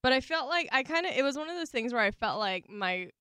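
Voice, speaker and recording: Southern American woman host, smooth voice. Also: sits high, expressive, fast talker, sharp tone, dry recording, clean studio sound. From Southern United States. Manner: friendly, self-deprecating chat. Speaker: podcast co-host. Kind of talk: casual podcast interview.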